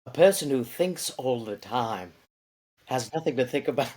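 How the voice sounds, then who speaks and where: A man co-hosting a casual sports podcast, making wry, deadpan quips. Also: medium pitch, moderate pace. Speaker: podcast co-host.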